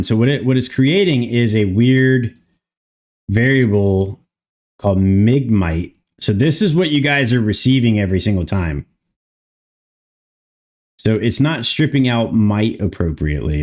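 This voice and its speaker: Streamer: man, somewhat low voice, mutters and swears while debugging live. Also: a little mellow. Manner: thinking aloud, muttering, swears casually. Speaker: streamer coding a game mod. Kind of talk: casual livestream chat while coding.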